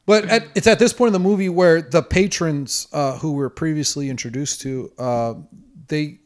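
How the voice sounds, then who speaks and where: A man's voice: on the high side, moderate pace. A man co-hosting a podcast in casual chat, talking in long rambling runs. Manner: rambling, lots of fillers and restarts. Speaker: podcast co-host.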